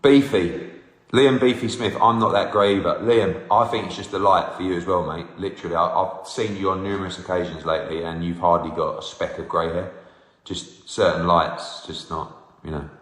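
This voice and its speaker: A man's voice: low-pitched, fairly even intonation, moderate pace, fairly bright tone. A man in his forties, hosting a live Q&A and teasing fans as he reads out their comments. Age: 40s. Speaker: host answering fan questions. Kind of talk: live casual Q&A. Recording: roomy with long reverb.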